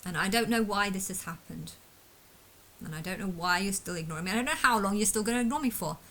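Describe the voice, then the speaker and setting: A woman's voice: medium pitch, fast, sharp tone, slight background noise, low-quality recording. A woman talking alone to camera in an unscripted monologue, angry and distressed, ranting bitterly and swearing often. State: emotionally distressed. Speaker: vlogger.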